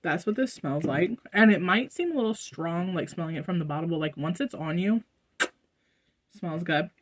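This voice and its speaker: A woman's voice: lowish voice, moderate pace. A young American woman, a vlogger chatting casually to her viewers, rambling with fillers and asides. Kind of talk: casual haul vlog. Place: indoors at home.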